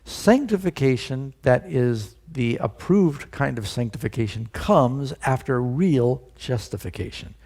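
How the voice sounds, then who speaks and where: A man's voice: mid-range voice, expressive, unhurried, few pauses, darkish tone. A male pastor preaching a sermon, putting rhetorical questions to his listeners and stressing key words.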